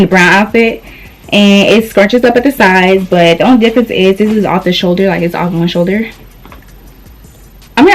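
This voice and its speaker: A young woman talking her viewers through a clothing haul in a loose, rambling way. She sounds slightly out of breath, and her voice sits at an ordinary middle pitch. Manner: chatty, rambling, addresses viewers as y'all. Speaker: vlogger.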